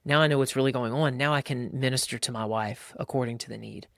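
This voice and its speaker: A man hosting a podcast, coaching listeners in a lively, casual way and acting out voices as he talks. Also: medium pitch, fast talker, creaky, no echo. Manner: animated, acts out voices. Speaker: podcast host.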